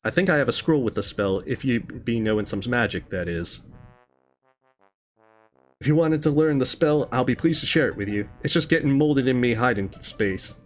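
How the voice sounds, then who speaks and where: A man's voice: mid-range voice, lively intonation, a little fast, faint music behind, natural voice. A man reading the lines of a friendly, rambling old male hermit in his own plain voice, with no accent put on.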